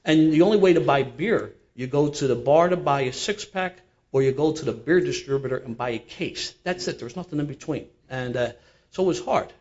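An older man from Philadelphia, appearing as a storytelling guest, spins a casual yarn, animated and laughing through his own tale. His voice is fairly high and brisk, and the sound is lo-fi.

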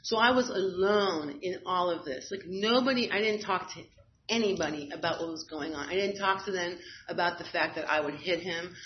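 A woman guest with a fairly low voice speaks at normal speed while recounting a personal story. She's frank and wry, laughing in bursts and using fillers. Faint noise sits under slightly dull audio.

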